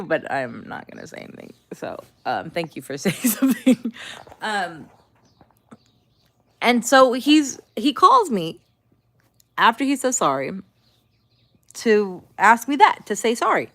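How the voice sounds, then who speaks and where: A woman's voice: medium pitch, sing-song, unhurried, pauses often, a bit bright. A woman chatting casually on a livestream, venting in an exasperated way and talking back to her chat.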